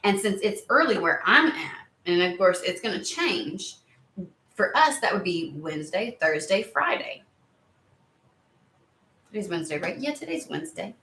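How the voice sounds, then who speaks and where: A woman's voice: fairly low pitch, sing-song, normal speed, bright, forceful tone, roomy sound. A woman giving a casual tarot reading to camera, chatty and rambling, easily sidetracked. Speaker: tarot reader.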